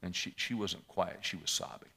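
A middle-aged man preaching a sermon as pastor, shifting between loud scripture reading and quiet storytelling. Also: deep voice, animated, normal speed, creaky, breathy edge.

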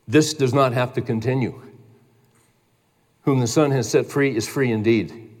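A man's voice: medium pitch, fairly even intonation, measured pace, a little mellow. A man preaching a sermon as a pastor, earnest and emphatic, building in intensity as he urges his listeners. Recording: long hall reverb.

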